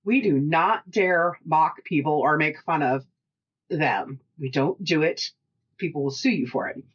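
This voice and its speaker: A middle-aged woman co-hosting a casual chat, telling animated stories, acting out what people said, and laughing often. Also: low-pitched, a little slow, slightly rough, muffled recording. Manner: animated storyteller who acts out quotes and laughs often. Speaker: podcast co-host and shop owner.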